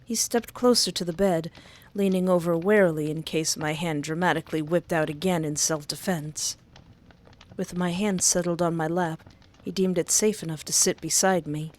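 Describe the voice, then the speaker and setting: A woman narrating a first-person story in a measured, hesitant way, pausing often. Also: on the low side, fairly even intonation, darkish tone. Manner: slow, measured reading with hesitant pauses.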